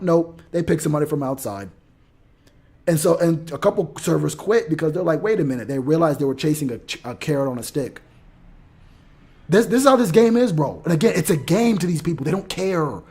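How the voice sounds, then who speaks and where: A man telling a story in an animated rant, acting out what people said and swinging between loud outbursts and mumbling asides. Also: a little high, gravelly, breathy edge. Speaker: motivational podcaster.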